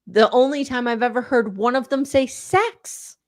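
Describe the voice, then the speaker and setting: A woman guest on a casual recap chat, expressive and agreeable, often chiming in. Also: fairly high pitch, a little fast.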